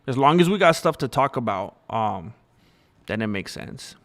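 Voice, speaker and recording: A man's voice: medium pitch, very animated, normal speed, a bit bright. A young man hosting a livestream, talking candidly and rambling in casual chat with viewers. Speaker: livestream host.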